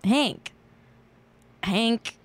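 A woman's voice: fairly high pitch, extremely slow. A woman in her thirties from California hosting a casual celebrity-news chat on a live stream, rambling and laughing at herself. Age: 30s. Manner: rambling, self-mocking and giggly. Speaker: podcast host.

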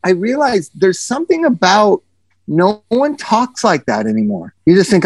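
A man chats casually and spins animated stories, swearing freely and jumping into quick asides. His voice sits a little high. The close mic sounds very dry. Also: dry recording. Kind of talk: casual chat.

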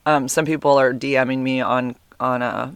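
A man hosting a podcast in casual chat, rambling and full of fillers, animated and quick to exclaim, speaking a little back from his microphone. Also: mid-range voice, clear, resonant tone, dry recording. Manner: animated, exclaims and laughs often. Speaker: podcast host. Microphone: podcast microphone, sitting a bit back from it.

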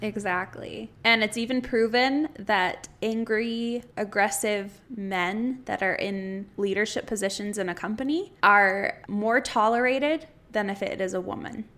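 A young woman co-hosts a casual podcast in an animated way. She laughs often and uses a lot of "like" fillers. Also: medium pitch, measured pace, few pauses. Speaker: podcast co-host.

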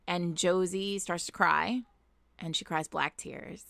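A woman co-hosting a podcast, telling a book's plot in animated, casual chat and swearing freely. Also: lowish voice, slow pace, vocal fry, dry recording. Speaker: podcast co-host. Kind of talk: casual chat, recapping a book.

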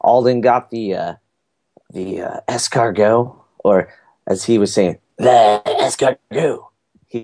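A man's voice: fairly low pitch, a little mellow. A man, chatting casually and rambling through a family story with many fillers. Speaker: podcast guest recounting a family cruise. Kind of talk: casual chat.

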